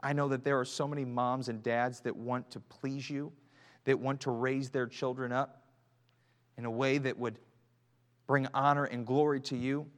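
A man in his thirties preaching a sermon in a church, building from quiet earnest talk to shouted fervor and back to soft prayer. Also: medium pitch, little pitch movement, normal speed. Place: church sanctuary. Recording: long church hall reverb.

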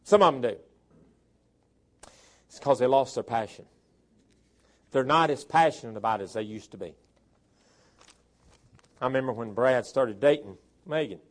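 A man from the South, preaching a sermon and reading scripture verses aloud, swelling loud on key words and dropping into folksy asides. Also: medium pitch, normal speed, long pauses. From southern Tennessee and northern Alabama, US.

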